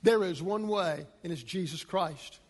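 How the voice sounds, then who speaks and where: A man preaching a sermon as a pastor, speaking emphatically and building to forceful points. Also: unhurried, long reverb tail. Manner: emphatic, rising to a preaching pitch.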